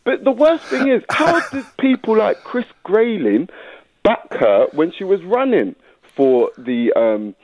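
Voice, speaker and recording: A male caller on a radio phone-in, chatty and a little halting, laughing between his words. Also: high voice, big pitch swings, darkish tone, no room sound, poor audio. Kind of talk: phone-in call.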